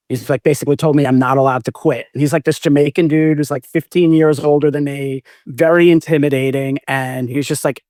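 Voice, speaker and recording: Brisk and fairly even in intonation, this mid-range, slightly mellow male voice belongs to a music manager in his forties. As a podcast guest in a casual interview, he spins long, rambling stories and corrects himself as he goes, recorded in the studio with no echo.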